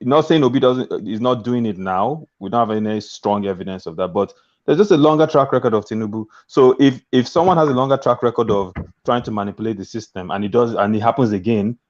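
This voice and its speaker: A male caller in a live debate, measured and explanatory, building his case step by step. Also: lowish voice, darkish tone. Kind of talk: live discussion. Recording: dull lo-fi call-in line.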